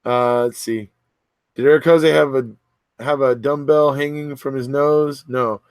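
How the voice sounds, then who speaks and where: A man's voice: medium pitch, steady tone, a little slow, clean tone, dry recording. A man hosting a casual livestream, reading viewer comments aloud and answering them in a chatty way. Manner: chatty, reads comments aloud and answers, frequent restarts and fillers.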